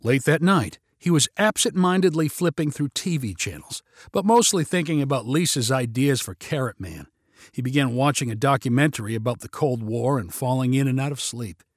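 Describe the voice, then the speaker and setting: Animated male storyteller, dry close sound. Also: mid-range voice, moderate pace, dry recording. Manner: animated storytelling, shifting into character voices. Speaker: narrator. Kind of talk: storybook narration.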